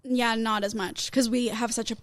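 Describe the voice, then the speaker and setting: A woman working as a news reporter, chatting as a podcast guest in an animated way, filling her speech with "like". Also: a little high, moderate pace, no room sound. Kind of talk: casual chat.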